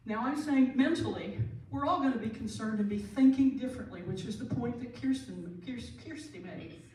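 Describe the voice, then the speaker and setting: An end-of-life doula and pastor gives a conference talk to a live audience in a large room, her fairly high, slightly mellow voice earnest and emphatic at a moderate pace. She repeats key phrases for emphasis. A distant mic captures her in a very echoey hall with faint hiss.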